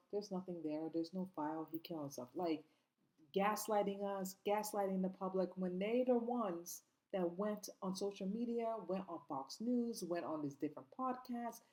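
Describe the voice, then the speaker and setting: A woman with a somewhat low voice delivers an impassioned opinion monologue straight to her viewers. She talks in a casual, unscripted way, full of fillers and slang. She keeps firing off indignant rhetorical questions and repeats her points for emphasis. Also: mellow, poor audio. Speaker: commentator.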